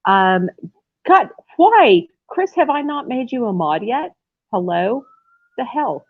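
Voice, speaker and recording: A woman's voice: fairly high pitch, sing-song, measured pace. A woman hosting a casual livestream from home, rambling and effusive, often breaking into laughter. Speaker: livestream host. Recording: tinny phone-like sound.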